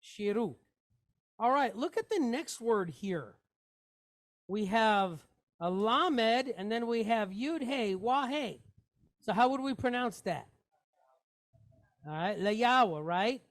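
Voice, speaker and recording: A woman leads a Hebrew reading class at an unhurried, very slow pace. She sounds out every letter and vowel patiently. She repeats each syllable before joining them into a word. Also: medium pitch. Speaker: Hebrew teacher. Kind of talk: reading lesson, sounding out words.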